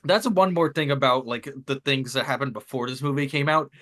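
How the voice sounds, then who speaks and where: A man speaking as a podcast guest, discussing films in a measured, hesitant way with many fillers. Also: medium pitch, a bit bright. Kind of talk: casual movie-review chat.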